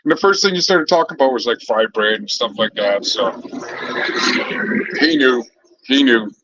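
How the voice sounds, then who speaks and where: A man's voice: mid-range voice, animated, normal speed, a bit bright, lo-fi sound. A man chatting casually with his viewers in a loose, rambling way, swearing freely and trailing off into fillers and restarts.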